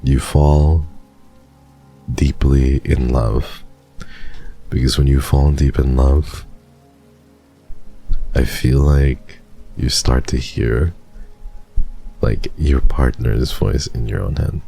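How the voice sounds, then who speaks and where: Very deep, gravelly-voiced male streamer. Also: warm tone. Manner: playful and teasing, with frequent thank-yous to viewers. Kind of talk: casual live-stream chat, reading and answering chat.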